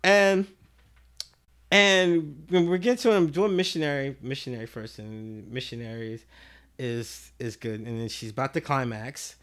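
A man hosting a podcast, telling a rambling, profane story and acting out the other people's voices with big jumps in tone. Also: moderate pace. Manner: animated, acts out voices with big pitch jumps; profane, rambling with many restarts. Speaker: podcast host. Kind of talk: casual storytelling chat.

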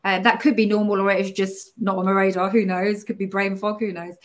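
A woman's voice: medium pitch, level tone, fairly quick. A woman guest telling a personal story in casual chat over a video call, emotional and laughing often. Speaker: book co-author, guest.

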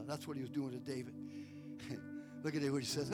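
A man's voice: a little high, moderate pace, long pauses, over music. A male pastor preaching a fired-up sermon, calling on listeners by name.

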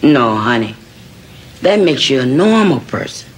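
A gentle fatherly sitcom dad. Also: medium pitch, very animated, a little slow. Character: gentle older man, fatherly and reassuring. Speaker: caring foster father in a sitcom. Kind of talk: sitcom acting.

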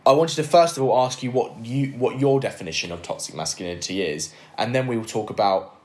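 A man's voice: mid-range voice, a little fast. A man hosting a podcast interview, asking long, loosely worded questions in a casual way. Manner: asks long, rambling questions. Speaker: podcast host.

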